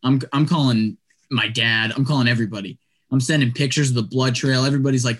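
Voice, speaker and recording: Quick-paced and mid-range in voice, a young man rambles through a long podcast story. He sounds animated and chatty, leaning heavily on "like" and "dude."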